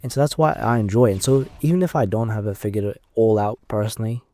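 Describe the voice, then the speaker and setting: Fast-talking and mellow, with a fairly low pitch, a man in his twenties rambles casually through an unscripted monologue in his car. The YouTuber seems to be thinking aloud, and there's no room sound.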